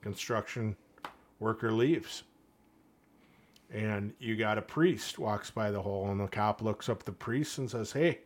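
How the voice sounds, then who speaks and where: A man's voice: fairly low pitch, moderate pace. A man speaking as a podcast guest, earnest and plain-spoken, telling a story and acting out the lines of its characters. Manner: earnest, storytelling with quoted voices. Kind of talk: casual podcast conversation.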